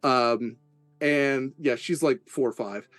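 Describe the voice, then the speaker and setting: A man's voice: medium pitch, slow pace, no room sound, faint music behind. Man casually running a tabletop game. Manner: relaxed, rambling, with many fillers. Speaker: game master.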